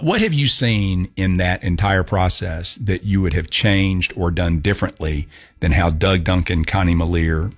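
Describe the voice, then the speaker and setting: A man with a husky, somewhat low voice hosts a call-in talk radio show from the studio. He keeps things loose, cracking jokes and chuckling between his questions to a guest. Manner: joking, chuckles between remarks.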